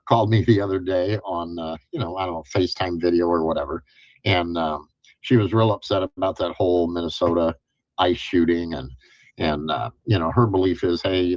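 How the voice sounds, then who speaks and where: A middle-aged man in casual chat, talking in a measured, storytelling way with many fillers. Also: sits low, dry recording, dull audio.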